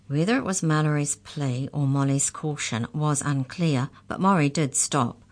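A woman reading a children's story aloud as storyteller, in an expressive, clear manner. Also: deep voice, normal speed.

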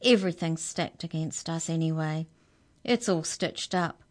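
A woman's voice: sits low, unhurried. A woman voicing a defiant, cheeky girl who is sulky and scornful in a children's story.

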